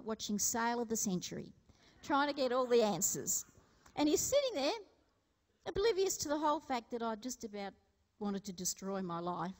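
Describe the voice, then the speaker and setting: A woman's voice: a little high, a little mellow, long reverb tail. A woman giving a conversational sermon, telling stories and asking the congregation questions. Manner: storytelling, asks the congregation questions. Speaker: preacher. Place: church hall.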